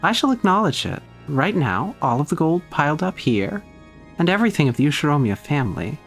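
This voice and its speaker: A player putting on a grand golden witch who speaks in stately, theatrical, old-fashioned phrases. her pitch rises and falls in broad, lively sweeps, and faint music plays underneath. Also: brisk. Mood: grandiose. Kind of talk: reading a visual novel aloud in character.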